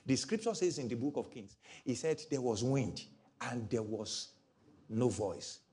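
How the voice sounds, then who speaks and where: A middle-aged man preaching a sermon as pastor, animated, acting out voices from his stories. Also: mid-range voice, measured pace, noisy background. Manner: animated, mimics voices in stories, laughs often.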